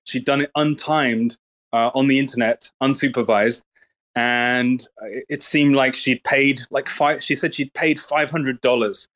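A man's voice: mid-range voice, fairly even intonation, a little slow, fairly bright tone. A man in a casual online voice chat, talking bluntly and swearing freely in a mocking way. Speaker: Twitter space speaker.

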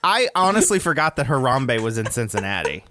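A man's voice: mid-range voice, sing-song, sharp tone. A man in casual podcast chat, crude and joking, breaking into laughter. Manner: crude, slow, bursts of laughter.

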